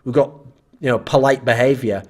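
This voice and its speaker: Sarcastic, husky-voiced male commentator. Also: medium pitch, fairly even intonation, a little fast, a little mellow. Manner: sarcastic, exasperated, swears freely. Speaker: esports commentator and channel host. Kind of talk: ranting commentary on viewer comments.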